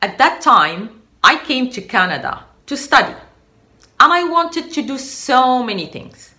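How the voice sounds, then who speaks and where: Slow, lively woman storyteller. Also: sits high. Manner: animated, dramatic storyteller. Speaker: podcast host. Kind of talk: motivational storytelling podcast.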